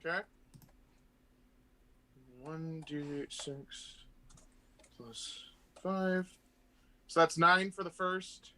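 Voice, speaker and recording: A man's voice: on the high side, steady tone, very slow, pauses often, bright, forceful tone. A man playing a tabletop game who rolls dice aloud and gleefully describes his character's attacks in vivid detail. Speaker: player.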